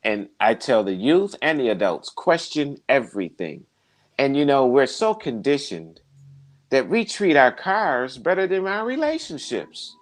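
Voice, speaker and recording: A man with a lively, swooping voice talks in a casual chat, preaching and telling anecdotes. He acts out the voices of the people he quotes in them. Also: mid-range voice, measured pace. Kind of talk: casual conversation, storytelling.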